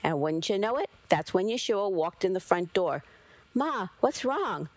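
A woman's voice: on the low side, normal speed, a little mellow, dry recording, poor audio. Woman narrating a story in first person. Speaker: story reader.

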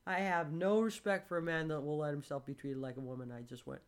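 A woman in her sixties hosting a casual chat, telling stories with animated, blunt delivery and acted-out dialogue. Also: low-pitched, fast talker. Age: 60s. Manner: animated storytelling, swears freely, acts out quoted dialogue.

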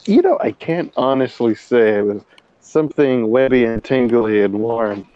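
A man's voice: mid-range voice, animated, moderate pace, mellow, smooth, no echo, close to an everyday voice. An innocent, strange young vampire man who blurts things out at full volume, as a man puts him on. The sound is dry and a little muffled. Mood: gushing. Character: naive, odd young male vampire, childlike and loud.

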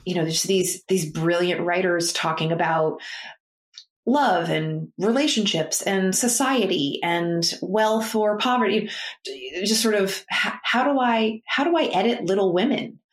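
A woman's voice: medium pitch, unhurried, reverberant. A woman chatting casually about books as a podcast co-host, rambling with many fillers and restarts. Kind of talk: casual book chat.

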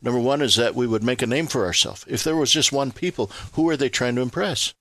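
A man's voice: medium pitch, fast, few pauses, fairly bright tone, dry recording. A man explaining scripture on a Christian radio talk show, expansive and preacherly, building to emphatic rhetorical questions. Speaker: ministry leader guest.

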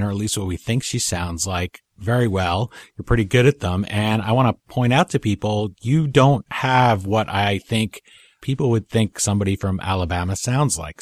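A man's voice: lowish voice, dry recording, clean studio sound. A man hosting an interview show, chatty and encouraging as he draws out his guest. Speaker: show host. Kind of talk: conversational interview.

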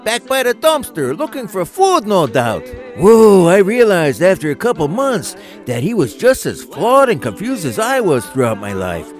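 An excitable skeptic. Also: male voice, high voice, moderate pace, few pauses, faint music behind.

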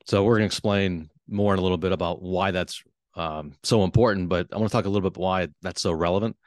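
A man who works as a wealth advisor, explaining business topics on a podcast in a measured, earnest way. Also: low-pitched, steady tone, no echo, clean studio sound. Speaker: wealth advisor, show host.

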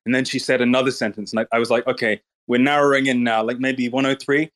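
A man's voice: mid-range voice, level tone, fast talker, a bit bright. A man in a casual online voice chat, talking bluntly and swearing freely in a mocking way. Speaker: Twitter space speaker.

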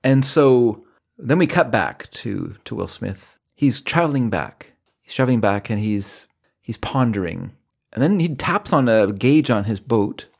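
A man's voice: mid-range voice, animated, measured pace, creaky, breathy edge. A middle-aged man co-hosting a film podcast, recapping the plot in a rambling, casual way with many restarts. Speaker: podcast co-host.

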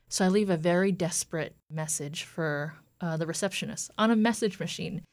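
Low-voiced woman telling her story. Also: fairly quick, hardly any pauses, dry recording. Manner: earnest, retelling with quoted dialogue. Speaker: guest. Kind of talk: personal story in an interview.

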